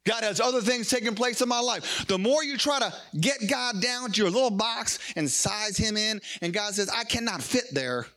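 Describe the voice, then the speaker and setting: Bright-voiced, high-pitched male preacher. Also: normal speed, few pauses. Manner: animated, acts out little dialogues. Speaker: pastor. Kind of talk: sermon.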